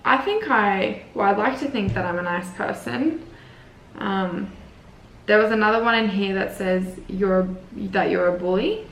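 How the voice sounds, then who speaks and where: A woman's voice: mid-range voice, unhurried, slight background noise. A young Australian woman vlogger chatting casually, with lots of filler words. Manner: chatty, heavy use of "like" fillers. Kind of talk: casual chat answering viewer assumptions. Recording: roomy echo.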